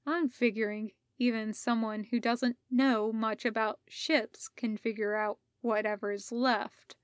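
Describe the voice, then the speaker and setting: A woman's voice: a little high, steady tone, measured pace, no echo, studio quality, close to an everyday voice. A woman voicing a menacing male Sith lord who mocks and coaxes in a fan audiobook reading. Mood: mocking. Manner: mocking, coaxing.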